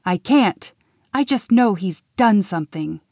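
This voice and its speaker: A woman's voice: mid-range voice, animated, measured pace, darkish tone, breathy edge, dry recording. Woman reading as a fussy storybook unicorn lady, worried and exasperated, dry close sound. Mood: fretting. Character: fretful, bossy female unicorn-like creature.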